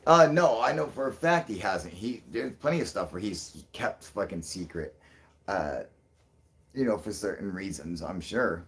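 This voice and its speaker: A man hosting a casual livestream, rambling and thinking out loud with lots of fillers, frequent swearing and chuckles. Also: on the low side, sing-song, normal speed. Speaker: channel host.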